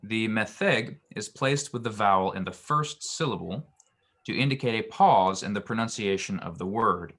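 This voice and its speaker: A man's voice: on the low side, normal speed, fairly bright tone. A man teaching a Hebrew grammar lesson, explaining patiently with frequent ums and restarts.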